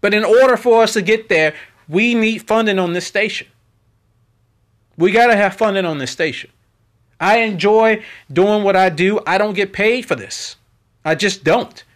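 A man's voice: high voice, unhurried, pauses often, a bit bright. A man hosting his own podcast, talking in an unfiltered, preachy monologue that repeats itself as he testifies about faith and pleads with listeners for support. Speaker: podcast host.

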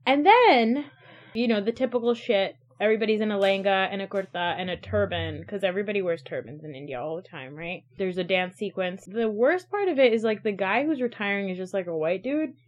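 A young woman co-hosting a podcast, telling stories in a chatty, animated way full of "like.". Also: mid-range voice, fairly quick. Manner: chatty, animated storytelling with many "like" fillers. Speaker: podcast co-host. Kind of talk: casual chat. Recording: dull lo-fi sound.

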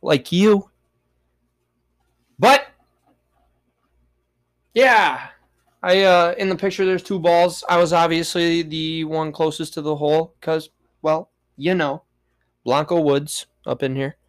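A man's slightly high voice moves slowly, with many pauses, as he hosts a solo podcast. He rambles, jokes around and swears a lot in a casual monologue.

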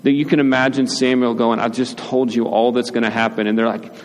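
A pastor who is an adult father speaks briskly in a flat, mid-range voice, giving a conversational sermon. He often adds "right?" and plays out short quoted lines, with the recording carrying hall reverb and faint ambient noise.

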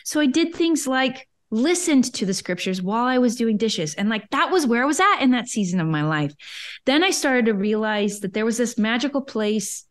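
Lively woman telling a personal story. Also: a little high, normal speed. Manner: lively, self-quoting, chatty with frequent "like". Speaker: guest, coach to entrepreneurs. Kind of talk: personal storytelling in a podcast interview.

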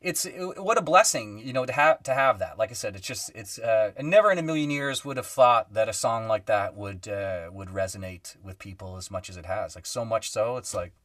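A man's voice: fairly low pitch, brisk, hardly any pauses, dry recording, studio quality, far from the mic. A man, a guest musician, telling stories in casual podcast chat, acting out quoted voices with lots of fillers. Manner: animated storyteller, acts out quoted voices, many fillers.

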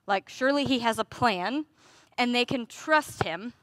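A woman's voice: fairly high pitch, lively intonation, unhurried, fairly bright tone, no room sound, studio quality. A woman preaching a sermon in a conversational way, with rhetorical questions and playful asides.

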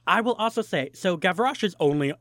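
A young man co-hosting a podcast, telling an animated story with lots of laughs and fillers. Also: sits high, fairly quick, no echo, clean studio sound. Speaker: podcast co-host. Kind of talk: casual chat, storytelling.

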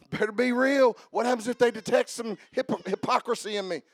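A man's voice: very high voice, fairly even intonation, moderate pace, no room sound. A man preaching a sermon as a pastor, emphatic and rousing.

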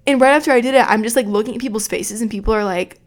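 A woman's voice: fairly high pitch, very fast. Young woman rambling through a story. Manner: rambling, profane, self-mocking. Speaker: podcast host. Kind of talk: casual storytelling.

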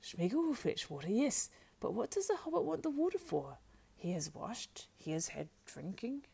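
A woman voicing a wretched, sly male creature who hisses, shrieks and whines in drawn-out, pleading words, in an audiobook. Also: medium pitch, sing-song, vocal fry, warm tone, husky, voice pushed up, exaggerated voice. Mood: whining. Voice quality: hissing, shrieking, whiny. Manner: drawn-out, pleading, lisping wheedle. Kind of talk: audiobook character voice.

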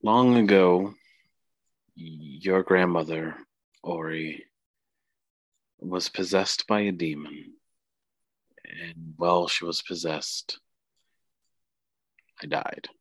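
A man playing a grandmother's spirit in a tabletop game, sorrowful and gentle, in a deep, unhurried voice that often trails off. The sound is dry and close. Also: no echo, full character voice. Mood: solemn.

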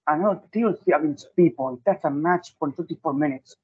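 A man's voice: on the high side, brisk, husky, narrow, tinny audio. A man hosting an interview, giving brief prompts and reading out dates and matches. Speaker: interview host.

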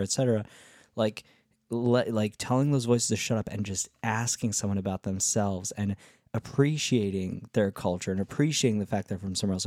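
Rambling low-voiced man telling a story. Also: darkish tone, no room sound, clean studio sound. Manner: rambling, filler-heavy, swears freely. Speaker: travel vlogger. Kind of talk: casual storytelling.

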